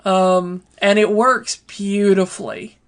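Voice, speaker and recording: A woman co-hosting a podcast in casual chat, unhurried, with lots of fillers. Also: mid-range voice, level tone. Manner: unhurried, many fillers like um and you know. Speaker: podcast co-host.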